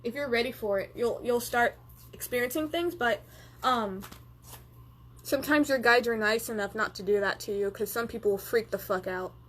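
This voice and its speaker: Animated, foul-mouthed young woman. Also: fairly high pitch, normal speed, a little hiss or hum. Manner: animated, profane, reads viewer comments aloud. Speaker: live stream host. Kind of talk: casual live-stream chat.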